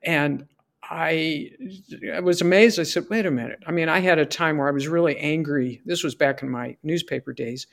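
A woman's voice: low voice, normal speed, vocal fry. A middle-aged woman, a podcast guest, giving an earnest faith testimony and acting out her prayers as she tells it. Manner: earnest storyteller who acts out her prayers and dialogue.

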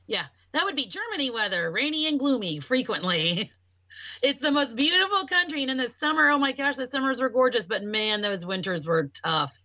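A woman in casual podcast conversation, telling a personal story in an animated way and voicing the people she quotes. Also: high-pitched, fairly quick, no echo. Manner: voices quoted speech. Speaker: podcast talker.

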